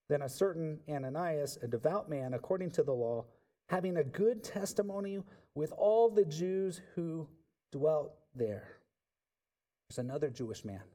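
A man preaching a sermon, swinging from loud emphatic peaks to quiet low asides and asking the congregation rhetorical questions. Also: lively intonation, unhurried.

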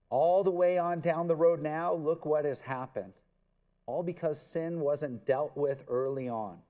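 Slow, mellow-voiced male preacher. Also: mid-range voice. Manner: earnest, emphatic, repeats words for stress. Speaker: pastor. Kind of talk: expository sermon.

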